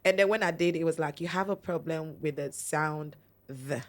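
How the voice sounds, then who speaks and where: A woman with a Nigerian accent, a radio host talking as a podcast guest in an animated way. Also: low voice, moderate pace. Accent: Nigerian English. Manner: animated, acts out radio announcer voices. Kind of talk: casual podcast chat.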